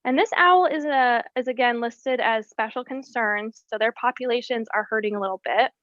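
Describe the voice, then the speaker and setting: A woman, a wildlife educator, giving an explanatory presentation about birds and often pausing on "um". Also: a little high, a bit bright, dry recording, muffled recording. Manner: explanatory, with frequent ums.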